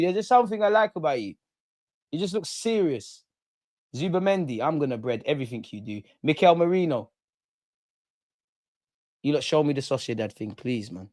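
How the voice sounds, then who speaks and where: A young man hosting a live football watch-along, chatting casually, reacting to play and reading out comments, sometimes muttering and sometimes shouting at the referee. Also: medium pitch, normal speed, no echo, studio quality. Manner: animated, swings from muttering to shouting at the ref.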